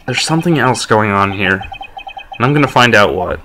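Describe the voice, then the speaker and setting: A man's voice: lowish voice, animated, normal speed, background noise. A man hosting a game playthrough, reading dialogue aloud with wry, joking commentary. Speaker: let's play host.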